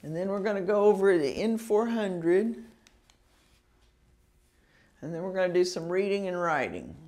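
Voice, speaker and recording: A woman with a lowish, slightly mellow voice and lively intonation teaches a citizenship test class. She drills pronunciation slowly and patiently, over-enunciating and sounding words out syllable by syllable.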